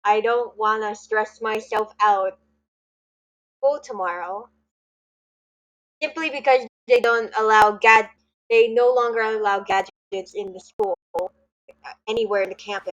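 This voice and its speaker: A woman streaming a video game at home, muttering casual commentary to herself, often quietly. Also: medium pitch, steady tone, a little slow, long pauses, dull audio. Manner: muttering, offhand self-talk, often quiet. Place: bedroom at home.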